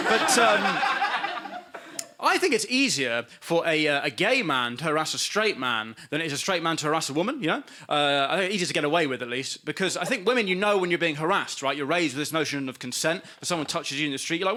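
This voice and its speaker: A man's voice: fairly high pitch, animated, fast talker, bright, forceful tone. A man in his twenties from England doing a sardonic stand-up comedy set, slipping into mock voices for punchlines. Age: 20s. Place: comedy stage before a live studio audience.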